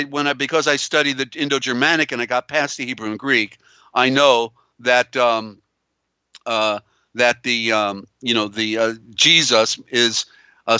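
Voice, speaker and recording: A man's voice: mid-range voice, pushed and bright, smooth, dry recording, lo-fi sound. A man hosting a live call-in show. He talks emphatically and repeats himself, with many fillers and restarts. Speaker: host. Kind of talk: live call-in show, reading viewer comments.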